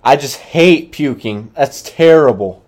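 Halting, low-key young man. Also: a little mellow. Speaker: podcast co-host. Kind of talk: casual podcast chat.

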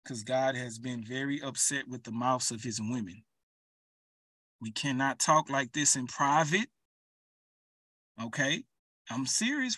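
A man's voice: mid-range voice, animated, unhurried, pauses often, sharp tone, no room sound, recorded from a distance. A man preaching an urgent, emphatic sermon, speaking straight to his listeners.

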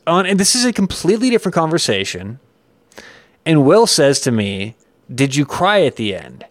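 A man co-hosting a podcast, telling a story in a playful, animated way with quick asides. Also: a little high, no echo. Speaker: podcast co-host. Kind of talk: casual chat.

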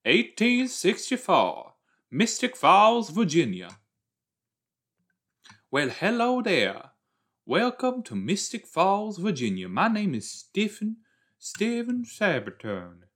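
A man putting on the voice of a genteel, formal 1860s Southern gentleman with a slow, overly polite way of speaking. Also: mid-range voice, big pitch swings.

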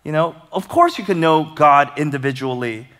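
Male pastor, lively preaching, higher voice, long hall reverb. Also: moderate pace. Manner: animated, conversational preaching with humor and rhetorical questions. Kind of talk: sermon.

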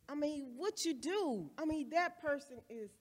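A woman's voice: high voice, animated, a little slow. A woman in a Bible study earnestly putting a question to her pastor, restarting her sentences as she works it out. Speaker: church member asking a question.

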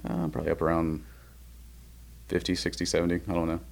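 A man guesting on a podcast as a DJ, telling stories in a relaxed, matter-of-fact way. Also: low-pitched, fast, vocal fry. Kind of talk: casual conversation.

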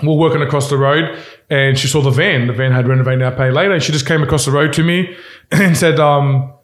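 A man's voice: a little high, a little fast. Rambling man in an echoey room. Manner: rambling, restarts often, animated retelling. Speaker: company co-founder, guest. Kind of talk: casual storytelling interview.

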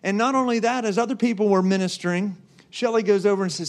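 A man's voice: high-pitched, fast. A man preaching a sermon, driving his points with repeated rhetorical questions to the congregation. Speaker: pastor.

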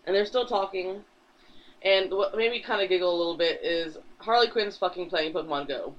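A man co-hosting a podcast, casually retelling a comic book plot in a rambling way, swearing freely and dropping into quick character voices. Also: high-pitched, a bit bright. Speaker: podcast co-host. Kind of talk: casual chat, recapping a comic. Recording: dull lo-fi recording.

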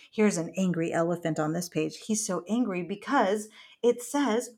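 A woman reading a picture book aloud to her small child in a gentle, encouraging way. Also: fairly low pitch, moderate pace. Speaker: mother reading to her toddler.

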